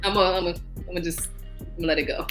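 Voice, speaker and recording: A woman co-host asking questions in a relaxed, chatty way, filling her sentences with casual asides. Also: fairly low pitch, racing, soft background music. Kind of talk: casual interview chat.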